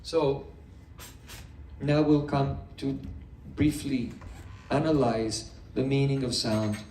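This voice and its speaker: Man, spiritual teacher, patient explanations, gentle humor, reverberant room. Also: mid-range voice, slow pace, slight background noise. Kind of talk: morning scripture class. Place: indoor hall with a live audience. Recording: echoey room, distant mic.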